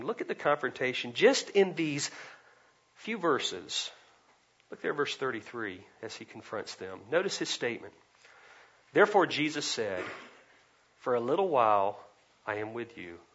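A man preaching an expository sermon, swinging between loud emphasis and quiet asides. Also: mid-range voice, slightly rough, muffled recording. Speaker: pastor.

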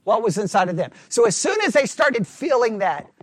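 Man preaching in a high, dry voice. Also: normal speed, no echo. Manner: animated, self-mocking, acts out whiny quoted voices; frequent "right?" check-ins with listeners. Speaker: pastor teaching a Bible study. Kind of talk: sermon.

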